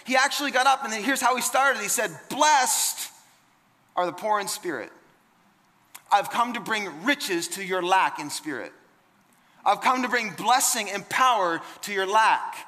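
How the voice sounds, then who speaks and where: Bright high-voiced male preacher in a hall. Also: lively intonation, a little slow. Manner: emphatic, conversational preaching with repeated words and restarts. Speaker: pastor. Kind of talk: sermon.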